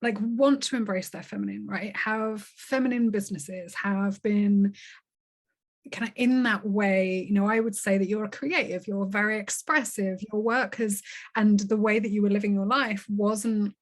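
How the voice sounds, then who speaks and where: A woman with a mid-range voice hosts a relaxed conversational interview. She reflects on her guest's words and offers soft murmurs of agreement. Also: medium pitch, normal speed. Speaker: podcast host.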